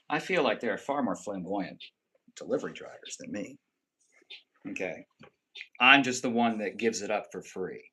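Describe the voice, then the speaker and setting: A man's voice: lowish voice, animated, moderate pace, sharp tone, breathy edge. A man hosting a casual livestream, reading viewer comments aloud and answering with joking, profane banter. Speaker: live streamer.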